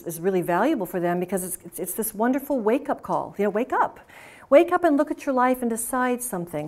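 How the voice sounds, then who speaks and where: A woman talking at a conference at a middle pitch. She tells her stories with energy and slips into the voices of the people in them. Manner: animated, acts out the dialogue of her stories. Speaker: conference speaker. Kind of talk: lecture storytelling. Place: conference hall.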